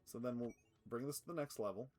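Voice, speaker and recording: A man streaming a factory game live, excitable and swearing, laughing often and cooing at his cat. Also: medium pitch, fast, faint music behind. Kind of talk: live gameplay commentary.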